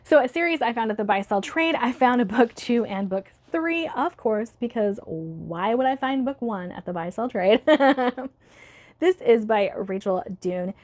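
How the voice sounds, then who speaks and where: A woman's voice: a little high, lively intonation, unhurried, a little mellow. Chatty woman with a tired voice. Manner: chatty, laughs often, reads blurbs aloud. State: recovering from illness, voice starting to go. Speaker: book YouTuber. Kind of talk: casual book haul vlog.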